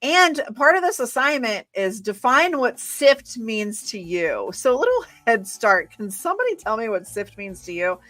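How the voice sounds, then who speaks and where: A woman co-hosting a live library research show, giving quick, friendly reminders and asides in a casual way. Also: fairly high pitch, sing-song, fairly bright tone, dry recording. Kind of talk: casual live instructional chat.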